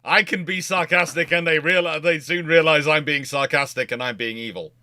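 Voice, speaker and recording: Man, naval historian host, bright tone, dry close sound, sarcastic, animated storytelling. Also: a little high, fairly quick, dry recording. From half Scottish, half Cornish. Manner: animated, sarcastic, acts out both sides of an exchange. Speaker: naval historian hosting a livestream. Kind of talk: casual chat.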